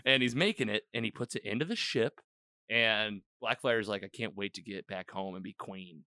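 Male host, casual recap chat; bright, crisp tone, dry studio sound. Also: fairly low pitch, normal speed, no room sound. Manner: rambling, animated retelling with quoted lines. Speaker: podcast host.

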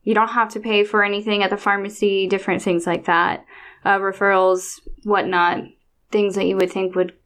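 Woman podcast co-host, mid-pitched, chatty and a little exasperated. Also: flat delivery, normal speed, a bit bright. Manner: chatty, exasperated venting with mimicked quotes. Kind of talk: casual chat.

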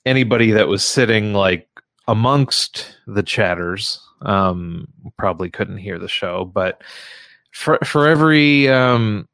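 Man, radio host, low voice, halting with many restarts, dry studio sound. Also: animated, gravelly, fairly bright tone, no echo. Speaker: radio show host and comedy show runner. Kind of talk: casual radio chat.

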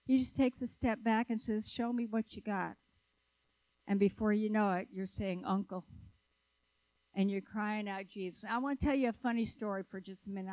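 A woman preaches in a conversational, animated manner, talking directly to her listeners and asking them questions. Her voice sits at an ordinary middle pitch. The recording is dry and close, with little room sound. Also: dry recording, low-quality recording. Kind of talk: sermon with storytelling.

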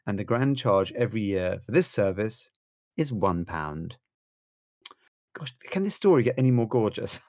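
A man's voice: fairly low pitch, sing-song, normal speed, a little mellow, dry recording, clean studio sound. A man co-hosting a podcast, reading facts aloud with a gushing, theatrical manner. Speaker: podcast co-host. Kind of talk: casual chat reading facts.

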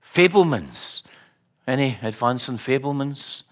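A middle-aged Scottish man delivers a sermon at an unhurried, deliberate pace. He mixes personal stories with wry humor and repeats key words for emphasis. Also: mid-range voice, fairly bright tone. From Scotland. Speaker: preacher.

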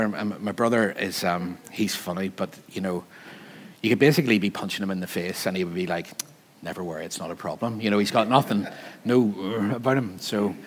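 A Northern Irish pastor preaches in a lively, conversational way, cracking jokes and laughing often. His voice sits fairly low. A faint ambience hangs behind him in the room. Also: a little hiss or hum. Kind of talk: sermon with storytelling.

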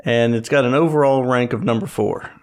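Man, even mid pitch, casual list reading. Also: brisk. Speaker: podcast co-host.

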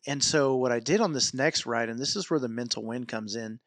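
A man's voice: mid-range voice, brisk, no room sound, studio quality. A man vlogging casually about his training, telling a long story with lots of fillers and restarts. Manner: rambling, animated storytelling with many fillers. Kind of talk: casual fitness vlog.

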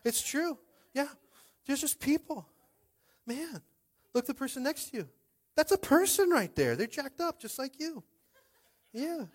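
A young man preaching a sermon as pastor, conversational and animated, calling out to the congregation. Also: very high voice, measured pace, pauses often.

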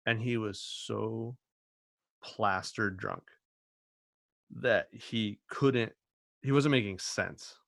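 A man with a low, gravelly voice rambles through a memory in casual podcast talk, hedging as he goes. The recording is dry and close, with no room sound. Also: very slow, long pauses, fairly bright tone, no room sound. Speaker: podcast co-host. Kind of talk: casual chat.

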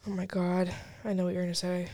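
A woman's voice: lowish voice, completely flat delivery, fast, mellow. A young woman co-hosting a podcast in casual chat, with a dry, wry way of telling stories and laughing through them. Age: young adult. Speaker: podcast co-host.

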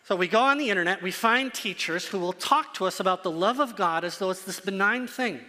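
A man's voice: sits high, brisk, few pauses, bright, forceful tone, long reverb tail. A man preaching a sermon to his congregation, earnest and emphatic, repeating phrases for stress. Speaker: pastor.

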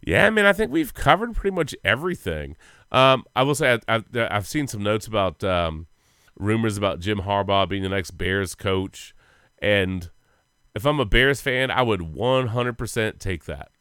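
A man co-hosting a sports podcast, chatting casually in a profane, rambling, animated way. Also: lowish voice, normal speed, clean tone, no echo, clean studio sound. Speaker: podcast co-host.

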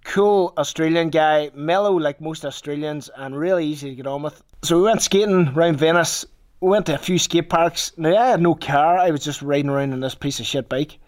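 A man's voice: a little high, fairly quick. A man with a Northern Irish accent telling a rambling personal story in casual talk, swearing freely. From Northern Ireland.

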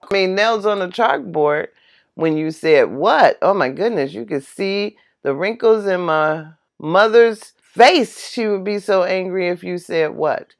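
A middle-aged woman telling a personal story in a casual monologue, emphatic and animated, laughing now and then. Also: medium pitch, a little slow. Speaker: vlogger.

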